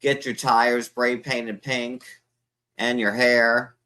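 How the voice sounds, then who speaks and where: A man's voice: mid-range voice, little pitch movement, slow, bright, forceful tone. A man co-hosting a casual gossip stream, crude and mocking, often slipping into silly impressions of others.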